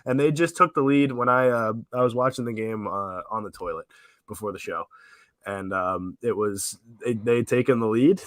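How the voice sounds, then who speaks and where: A sick, hoarse man co-hosting a sports podcast, rambling casually with lots of fillers. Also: fairly low pitch, moderate pace, a bit bright, no room sound. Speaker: podcast co-host.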